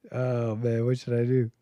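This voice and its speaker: A man's voice: medium pitch, dark tone, no echo, muffled recording. A man hosting a call-in livestream, chatting casually and rambling with laughs. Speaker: call-in show host.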